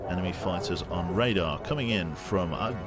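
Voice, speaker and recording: A man's voice: sits low, moderate pace, loud music behind the voice. A young man streaming a game, chatting casually with viewers, reading chat aloud and swearing now and then. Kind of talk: casual gameplay commentary.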